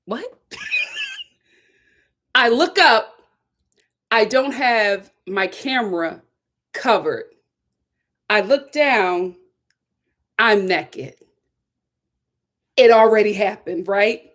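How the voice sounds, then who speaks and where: A young woman hosting a live review stream, telling a story in an animated, dramatic way and laughing often. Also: fairly high pitch, very slow, pauses often. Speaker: host of a live reality-show review channel. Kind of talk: casual storytelling to a live chat.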